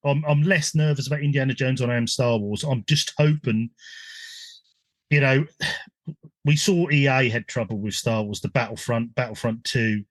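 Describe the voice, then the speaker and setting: An English man hosts a casual gaming podcast, chatting away with frequent ums and restarts. His voice is medium-pitched at a moderate pace, with no room sound.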